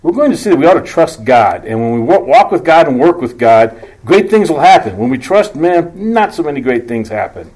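A male preacher teaching from the Bible, reading scripture slowly and emphatically and then dropping into quieter conversational asides with dry humor and rhetorical questions. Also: on the high side, sing-song, slightly rough, poor audio.

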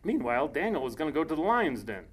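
A man preaching a casual sermon, reading scripture aloud slowly and breaking off into joking asides. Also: a little high, big pitch swings, crowd noise.

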